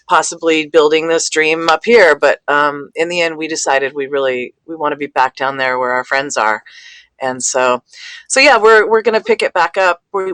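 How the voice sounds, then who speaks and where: Halting woman guest with a dry sound. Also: sits low, fairly bright tone, dry recording. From California. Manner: halting, with many fillers and restarts. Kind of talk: casual conversation.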